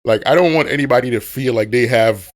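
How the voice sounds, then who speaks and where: A man's voice: medium pitch, quick pace. Blunt man laying out his views. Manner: blunt, firm, speaks his mind. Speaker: podcast co-host. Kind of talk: casual chat.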